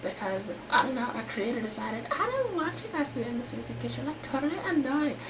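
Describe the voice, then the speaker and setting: A woman's voice: on the high side, very animated, fast talker. A woman voicing a bubbly, self-centered female flower creature who hosts a show, gushing and boastful, in a noisy home recording. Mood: perky. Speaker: show host.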